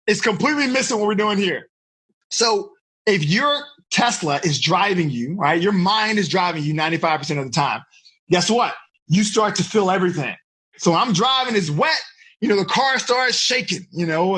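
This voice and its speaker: A man coaching teenagers in a live online seminar, energetic and full of rhetorical questions, on a computer mic. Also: sits high, husky. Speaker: life coach.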